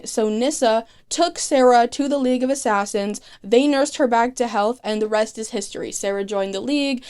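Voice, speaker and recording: Young woman, slightly high voice, chatty sarcastic recap host, lots of "like" and "okay". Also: darkish tone, clean tone. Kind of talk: casual comedic recap narration.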